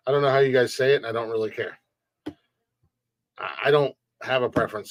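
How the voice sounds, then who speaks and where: Reading chat on his casual livestream podcast, the host talks fairly quickly at a medium pitch and pauses often, captured in a dry recording. Expect jokey, blunt rants full of swearing, with laughs scattered between his remarks.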